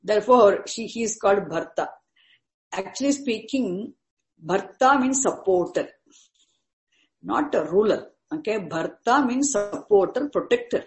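A woman's voice: medium pitch, animated, measured pace. Patient woman teaching in a roomy space. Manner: repeats and explains each word patiently. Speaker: Sanskrit teacher. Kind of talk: line-by-line scripture lesson. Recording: roomy echo.

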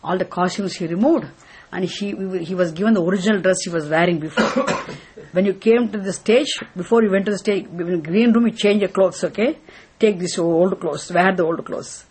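A woman's voice: mid-range voice, brisk, a little mellow, a little hiss or hum. Woman teaching, quizzing her class. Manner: asks rhetorical questions, then answers them. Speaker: spiritual teacher. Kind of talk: spiritual teaching talk.

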